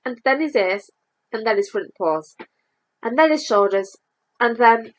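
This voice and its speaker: A woman reading a children's storybook aloud, lively and expressive. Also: on the high side, unhurried, poor audio.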